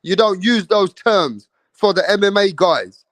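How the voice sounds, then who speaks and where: Boastful male boxer, cursing, high voice, as a streamer mimics him. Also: animated, unhurried, a bit bright, no echo. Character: boastful, foul-mouthed adult male heavyweight boxer.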